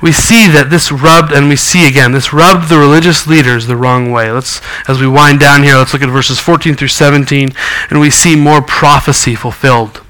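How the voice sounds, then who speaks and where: A man's voice: a little high, fairly even intonation, moderate pace, sharp tone, smooth, poor audio. A man preaching a sermon, reading scripture and explaining it earnestly. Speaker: pastor.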